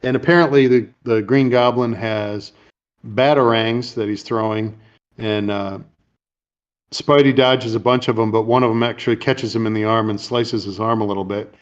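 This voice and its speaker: A man's voice: lowish voice, steady tone, lo-fi sound. Man casually recapping a movie. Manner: rambling, retells scenes with quick put-on lines. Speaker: podcast host.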